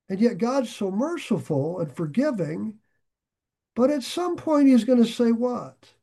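A man preaching a sermon in an earnest, conversational way, with sarcastic asides and sudden swings between loud emphasis and quiet drops. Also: very high-pitched, big pitch swings, unhurried, gravelly. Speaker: pastor.

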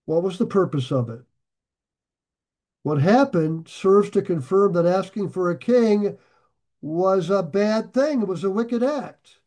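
A man with a high voice preaching a sermon. He talks to his listeners in a plain, chatty way. He drags out and lifts the phrases he wants to press home. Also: expressive, warm tone. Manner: emphatic, slows and rises to stress key phrases; conversational asides to listeners. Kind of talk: sermon on scripture.

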